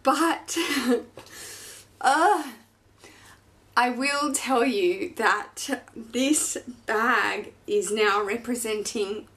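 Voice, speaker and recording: A woman's voice: medium pitch, fairly bright tone. A woman in her thirties, a fashion vlogger, talking in a gushing, chatty and emotional way as she unboxes and shares personal news. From Australia. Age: 30s.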